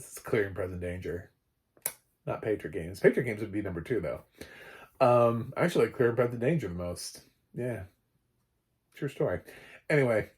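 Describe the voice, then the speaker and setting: A man's voice: fairly low pitch, expressive, normal speed, pauses often, a little mellow. A man giving a casual film review, rambling with many fillers and restarts, chuckling between thoughts. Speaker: film critic.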